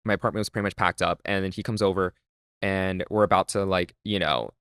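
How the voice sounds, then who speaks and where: A young man chatting on a podcast, his words tumbling out fast and loaded with fillers. His voice sits a little low. The sound is dry and close. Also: steady tone, fairly bright tone, smooth, no echo. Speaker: podcast guest, content creator. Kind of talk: casual chat.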